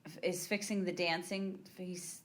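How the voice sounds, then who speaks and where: A woman's voice: lowish voice, flat delivery, a little slow, fairly bright tone. Chatty woman recapping a movie. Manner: chatty, recounts scenes, laughs along. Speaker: podcast co-host. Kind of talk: casual movie-recap chat.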